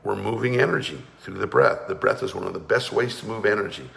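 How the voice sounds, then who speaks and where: A man's voice: on the low side, fast, gravelly, a bit bright, in a large hall. A man leading a guided energy and breathing class, talking firmly and urging listeners to join in. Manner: commanding, urges listeners to participate. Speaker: energy awareness coach.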